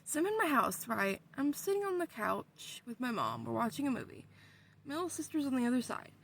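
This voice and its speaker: A young adult woman vlogger telling a story in a casual way, with animated delivery and frequent swearing. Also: high voice, brisk, slight background noise.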